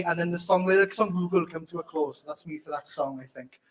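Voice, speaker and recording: A young Welshman with a Welsh accent, speaking song lyrics aloud as a deadpan comic bit, with joking asides. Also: a little high, brisk, poor audio. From Wales. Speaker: convention speaker doing a charity bit.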